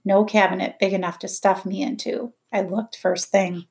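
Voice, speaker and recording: A woman narrating a novel in the first person, in a quiet, measured, reflective way. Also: medium pitch, level tone. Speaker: audiobook narrator.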